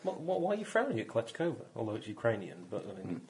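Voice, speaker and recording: A man's voice: medium pitch, wildly swooping pitch, quick pace, noisy background. A man playing in a casual tabletop game, joking and bantering with friends. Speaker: player. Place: room at a gaming table.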